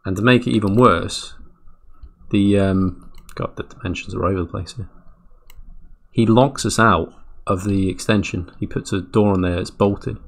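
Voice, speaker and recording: A man's voice: on the low side, fairly even intonation, normal speed, vocal fry. A man streaming while he draws, chatting in a rambling, dry way and often cutting himself off. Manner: rambling, self-interrupting, dry. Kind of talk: casual chat while drawing.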